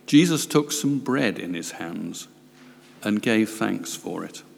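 A man with a gravelly voice reading scripture slowly and deliberately. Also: fairly low pitch, expressive. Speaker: scripture reader. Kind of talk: slow Bible reading. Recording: long reverb of a church hall.

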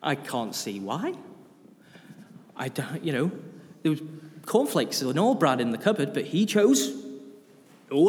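A man's voice: fairly high pitch, in a large hall. A man preaching an informal sermon in a church, chatty and often putting questions to the congregation.

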